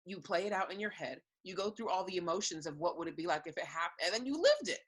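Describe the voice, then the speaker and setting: A young woman with a fairly low voice speaks frankly and earnestly as an interview guest, telling her own story. She sometimes breaks into a light laugh between thoughts. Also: animated, fast, breathy edge, low-quality recording. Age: young adult. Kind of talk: candid personal testimony in an interview.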